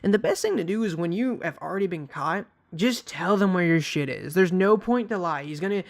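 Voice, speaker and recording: A man's voice: high-pitched, animated, fairly quick, creaky. A young man telling a story casually, rambling and swearing, with many fillers and restarts. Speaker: vlogger.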